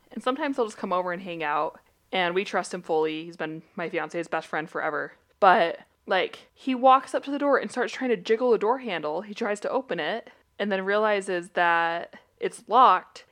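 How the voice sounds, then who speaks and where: A young woman chats casually from home on a remote call, her voice sitting at an ordinary middle pitch. She tells stories with animated energy and laughs often as she goes. It sounds like an easygoing podcast conversation between friends. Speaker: podcast co-host. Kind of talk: casual chat. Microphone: remote call headset.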